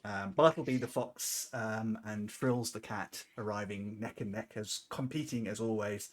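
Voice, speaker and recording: A game master narrating a tabletop fantasy game in a relaxed way, with frequent fillers. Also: medium pitch, unhurried.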